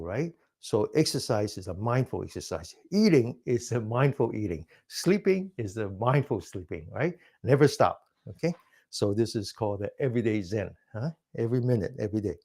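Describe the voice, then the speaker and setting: A man teaching a mindfulness class, calmly guiding stretches and breathing, counting slowly and dropping to a soft whisper on the breathing phrases. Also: mid-range voice. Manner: calm step-by-step instructions, counting slowly. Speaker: mindfulness exercise instructor. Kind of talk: guided movement and breathing class.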